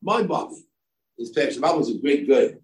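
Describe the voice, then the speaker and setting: Older rabbi lecturing in a roomy space. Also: male voice, mid-range voice, lively intonation, fairly quick, a little hiss or hum. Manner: discursive, many fillers and asides. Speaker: rabbi and yeshiva head. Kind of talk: Torah lecture. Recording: echoey room, distant mic, faint ambience.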